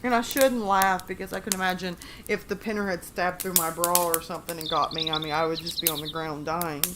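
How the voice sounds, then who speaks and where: A woman's voice: fairly low pitch, fairly even intonation, brisk, heavy background noise. Chatty, giggly woman hosting a livestream. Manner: chatty, giggly, talks to chat. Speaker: livestream host. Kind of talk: casual livestream chat, reading horror stories.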